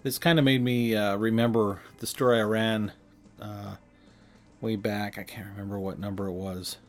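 A man's voice: fairly low pitch, flat delivery, normal speed, soft background music. A man hosting a podcast, talking in a reflective, conversational way and chuckling at himself now and then. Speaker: podcast host. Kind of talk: casual chat.

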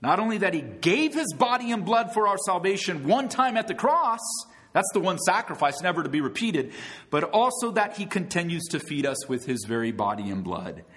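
This pastor's voice sits high and a bit bright, very animated at normal speed as he preaches to his congregation. Emphatic throughout, he calls them friends, throws out rhetorical questions, and punches key words with rising bursts.

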